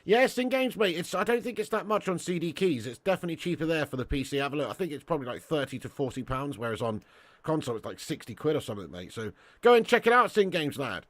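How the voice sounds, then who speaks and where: A man's voice: on the high side, expressive, quick pace, hardly any pauses, fairly bright tone, no echo. Chatty man streaming a watch-along. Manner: chatty and banter-filled, calls viewers lad and mate. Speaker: live-stream host reading chat. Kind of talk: casual live watch-along chat.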